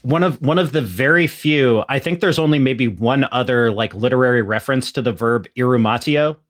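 A young man in casual podcast chat who rambles through academic stories with frequent restarts. His voice sits at an average pitch. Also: a little fast. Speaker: podcast co-host.

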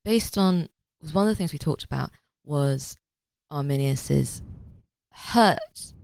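Low-voiced woman chatting in a dry room. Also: lively intonation, slow pace, gravelly, a little mellow, dry recording. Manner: chatty, many restarts and repeated words. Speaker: podcast co-host. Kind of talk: casual discussion of a TV series.

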